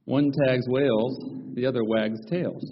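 A man preaching a sermon, opening with folksy jokes and stories before slowing down to read scripture. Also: medium pitch, fairly even intonation, lo-fi sound, slight background noise.

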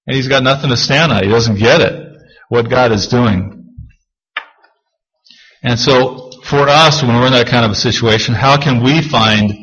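A male pastor preaching a sermon, reading scripture slowly and then explaining it in a conversational way. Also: medium pitch, fairly bright tone, slightly rough, muffled recording.

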